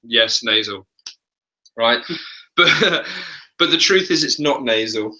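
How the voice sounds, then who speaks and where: Male vocal coach, very bright forward tone, chatty and loose, casual webinar talk. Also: on the high side, expressive, slow. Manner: chatty, laughs often.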